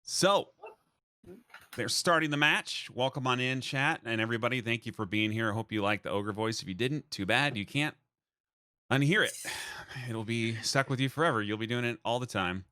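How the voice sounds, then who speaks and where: Casual, bright-voiced male stream host. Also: mid-range voice, moderate pace, dry recording, clean studio sound. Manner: loose, rambling, many fillers. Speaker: host of a speedrun race stream. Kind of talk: casual chat, explaining rules.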